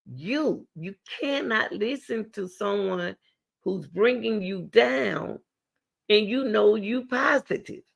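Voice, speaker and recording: A woman's voice: mid-range voice, creaky, lo-fi sound. A middle-aged woman hosting a talk show, giving blunt, emphatic advice and repeating her key words. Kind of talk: direct advice talk to a caller.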